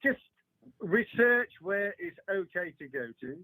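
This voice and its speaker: High-voiced English man chatting. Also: animated, measured pace, bright, forceful tone, dry recording, poor audio. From England. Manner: hesitant, many restarts and fillers. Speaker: guest. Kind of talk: casual podcast chat.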